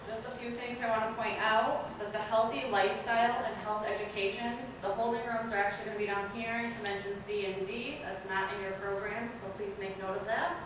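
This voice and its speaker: A woman acting as events manager, giving brisk, practical instructions to an audience. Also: fairly high pitch. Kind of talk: event announcements. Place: large convention hall. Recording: echoey hall from far off, noisy.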